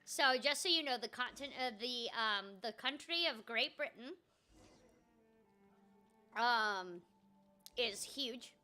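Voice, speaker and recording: Bubbly high-voiced woman chatting while gaming. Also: takes it slowly, pauses often, faint music behind. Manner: chatty and animated, frequent ums, self-mocking asides. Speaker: voice actor streaming a video game. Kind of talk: casual gameplay chat.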